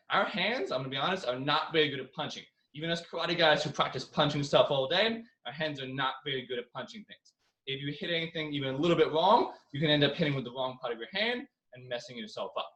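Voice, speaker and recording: A young man teaching a home karate class, coaching drills and counting moves with loud yells. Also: on the high side. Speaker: karate instructor. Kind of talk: online exercise class. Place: living room. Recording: echoey room, far from mic.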